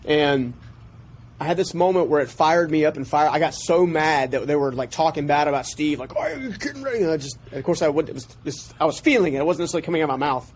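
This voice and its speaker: Animated, passionate storytelling man. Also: on the high side, fast talker, slight background noise. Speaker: guest. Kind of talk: personal storytelling in a podcast interview.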